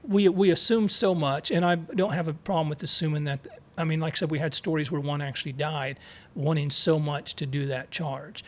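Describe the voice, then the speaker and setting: A man leads a relaxed scripture discussion, reading passages aloud and pausing to sound out Hebrew terms. His voice sits somewhat high for a man, and he keeps it conversational with frequent asides. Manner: reads verses aloud, sounds out Hebrew words, explains with asides. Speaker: co-host teaching scripture. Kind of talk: casual Bible study discussion.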